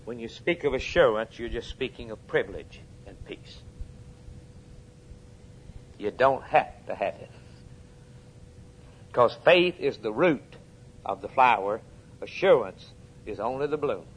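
A man preaching a sermon, swinging between urgent, raised peaks and quiet, low drops, and putting questions straight to his congregation. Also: lively intonation, measured pace, long pauses, husky. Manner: addresses the congregation directly with questions.

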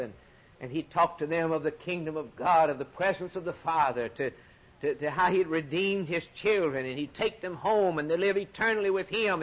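Husky, impassioned male preacher. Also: poor audio. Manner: impassioned, swinging from low and quiet to high and loud emphasis; repeats words when stirred. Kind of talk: sermon.

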